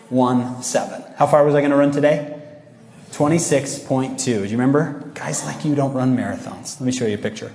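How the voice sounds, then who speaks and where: A man's voice: medium pitch, fairly quick. A man giving a motivational talk to young people, telling stories with energy and acting out quoted lines. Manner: animated storytelling, acts out quotes. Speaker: speaker addressing youth. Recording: echoey hall.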